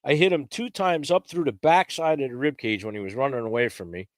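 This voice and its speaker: A man telling a lively, casual story as a podcast guest, raising his pitch when he acts out what others said. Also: fairly quick, dry recording, studio quality.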